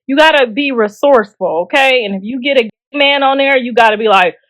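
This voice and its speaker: Middle-aged woman, high voice, blunt joking gossip host, laughs a lot, dry close sound. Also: a little fast, fairly bright tone, no echo. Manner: talks straight to viewers in slang. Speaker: show host discussing celebrity gossip. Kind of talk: casual gossip commentary.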